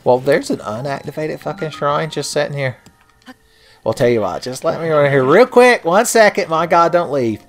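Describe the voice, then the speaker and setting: A man's voice: a little high, lively intonation, normal speed. A man hosting a game playthrough in casual commentary, joking profanely and laughing often, close to a home mic. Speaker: let's play host.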